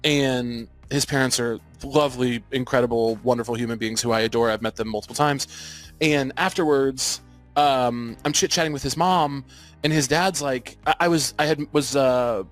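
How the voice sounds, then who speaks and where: A man who is a stand-up comedian, telling stories as a guest in a casual podcast chat, rambling quickly with many restarts. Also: medium pitch, fairly bright tone.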